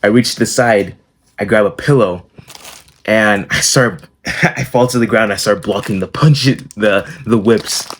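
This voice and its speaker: A man's voice: on the low side, unhurried, a bit bright. A young man telling a personal story in a blunt, casual vlog, swearing freely. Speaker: self-improvement YouTuber.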